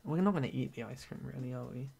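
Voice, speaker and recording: A man's voice: medium pitch, fast, vocal fry, darkish tone. A young man, chatting casually as a guest friend on a stream, making dry, teasing quips. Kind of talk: casual chat.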